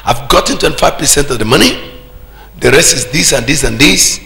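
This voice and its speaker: A Nigerian pastor preaching a sermon, older, with sudden shouted peaks and call-and-response to the congregation. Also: male voice, mid-range voice, lively intonation, fairly quick, gravelly. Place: church hall. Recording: echoey church hall.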